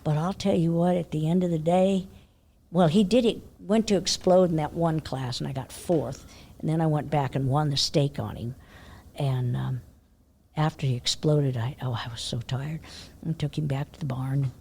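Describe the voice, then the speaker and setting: An older woman telling horse-show stories in a casual interview, animated, laughing often and dropping to a hush when she quotes herself. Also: low voice, normal speed, creaky, a little hiss or hum. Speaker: interview guest, horse trainer.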